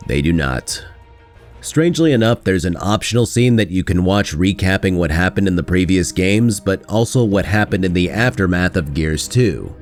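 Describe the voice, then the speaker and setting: Sarcastic low-voiced man narrating a video essay. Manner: sarcastic, critical, mocks lines with quick put-on quotes.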